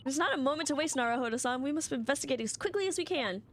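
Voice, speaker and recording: A woman's voice: sits high, lively intonation, racing, slight background noise, voice pushed up. A woman voicing a polite, earnest young female assistant while reading game dialogue aloud. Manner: formal and earnest.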